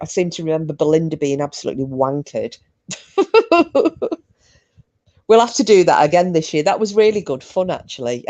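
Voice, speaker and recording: A middle-aged woman hosts a casual livestream from home, chatting with live chat viewers and laughing through bawdy banter. Her voice sits low and sounds mellow.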